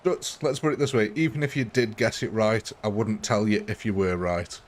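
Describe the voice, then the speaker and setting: Chatty gaming streamer. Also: male voice, lowish voice, steady tone, normal speed. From English Midlands. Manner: chatty, laughs often. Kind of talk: live gameplay commentary.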